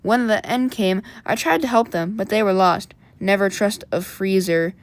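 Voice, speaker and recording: A woman's voice: mid-range voice, normal speed, dry recording, pitched below the performer's own voice, close to an everyday voice. A woman voicing a small, polite male breakfast robot who talks in a formal, precise way. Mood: matter-of-fact.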